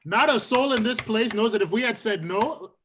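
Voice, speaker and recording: A man's voice: sits high, lively intonation, moderate pace, fairly bright tone, a little hiss or hum. A man arguing his point in a casual online game night, insistent and repeating himself to hold the floor. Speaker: game contestant.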